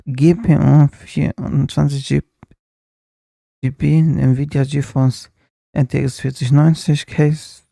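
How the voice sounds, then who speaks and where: A man's voice: a little high, level tone, slow pace, vocal fry, mellow, no room sound. A man streaming a live reaction, chatting casually with asides while he watches a video.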